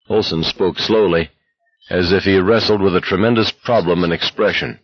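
A man narrating an audiobook in a steady, measured reading. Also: deep voice, husky, no echo, highs cut off. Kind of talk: scripted narration.

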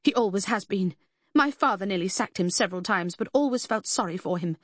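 A woman voicing a defensive young Victorian woman in an audiobook, shrill and agitated. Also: animated, fairly quick, dry recording, clean studio sound, natural voice. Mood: spiteful.

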